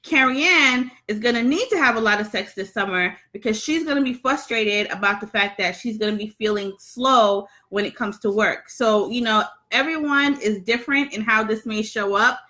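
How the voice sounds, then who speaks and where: Young woman on a phone livestream, chatty, bright higher voice, lots of ums. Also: normal speed, hardly any pauses. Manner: chatty, laughs often, frequent ums. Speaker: astrologer hosting a livestream. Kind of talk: casual livestream chat reading comments.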